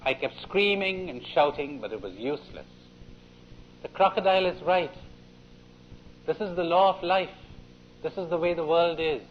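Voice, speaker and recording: A man's voice: a little high, normal speed, pauses often, lo-fi sound, a little hiss or hum, voice pushed up, natural voice. A man voicing a grieving mother bird. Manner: sorrowful, lamenting.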